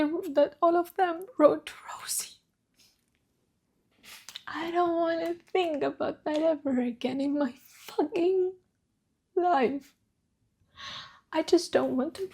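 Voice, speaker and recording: A woman's voice: fairly high pitch, creaky, mellow, breathy edge. A woman chatting casually about books she read, emotional, swearing freely and repeating herself. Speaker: book vlogger. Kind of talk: casual chat.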